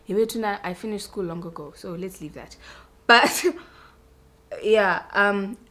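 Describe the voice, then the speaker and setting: A woman's voice: mid-range voice, takes it slowly, sharp tone. A young woman, a beauty vlogger chatting casually and self-mockingly while doing her makeup.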